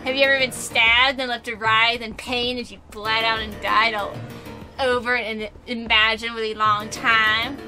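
A woman voicing a creepy, eerily calm young man from a visual-novel game, put on with an exaggerated Southern US accent. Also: a little high, normal speed, faint music behind. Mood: grim. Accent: put-on bad Southern US drawl. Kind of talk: reading game dialogue aloud.

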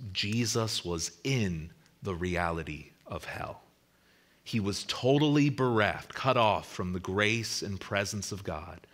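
A pastor with a lowish voice preaches a sermon, building to loud emphasis before falling to a hushed close. Now and then he repeats words as he restarts a line.

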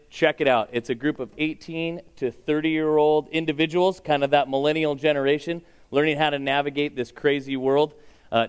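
A man's voice: medium pitch, smooth. A man giving church announcements in an upbeat, joking way and leading a short prayer.

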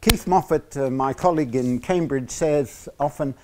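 A man with an Australian accent giving a university lecture, pausing often on fillers and slipping in joking asides. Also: medium pitch, expressive, a little mellow.

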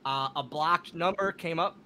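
A man telling stories as a podcast guest, animated and laughing as he talks. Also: a little high, normal speed, slight background noise. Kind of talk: casual storytelling.

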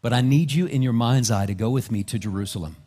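A male pastor preaching a sermon, dropping to soft, low asides and then climbing into loud, rising exhortation. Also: fast, breathy edge. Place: church sanctuary.

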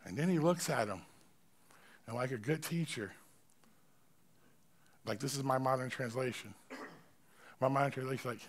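A male pastor preaching a sermon in a church, swinging between loud, forceful preaching and quiet, close talk in casual, slangy phrasing. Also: mid-range voice, moderate pace, pauses often. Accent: Southern American.

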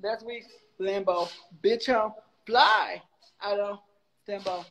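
A woman's voice: mid-range voice, slow, gravelly, a bit bright. A woman with a mid-range voice co-hosting a phone livestream. She speaks bluntly and brashly, swearing casually through loose chat. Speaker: livestream co-host.

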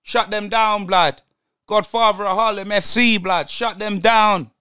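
A man's voice: sits high, unhurried, clean tone, dry recording, studio quality. A young man giving a live, slang-heavy football match reaction. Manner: excitable, slang-heavy banter. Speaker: football fan channel host.

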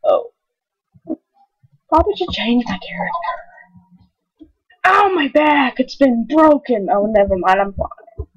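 A woman commenting on her own gameplay, excitable, yelping and crying out whenever something goes wrong. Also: high voice, slow pace, long pauses, husky. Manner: excitable, yelps and cries out at mishaps. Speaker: gaming channel host. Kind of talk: let's play commentary. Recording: dull lo-fi recording.

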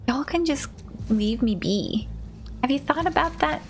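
A woman's voice: sits high, expressive, a little slow, music in the background. A woman streamer giving casual commentary on her game and chatting with viewers. She often drops into a whisper while sneaking. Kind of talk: casual let's-play commentary.

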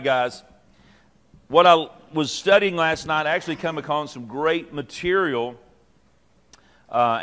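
A man's voice: mid-range voice, a bit bright. A middle-aged man, a pastor teaching leaders in a folksy, joking way with many fillers and restarts. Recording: long reverb from a hall.

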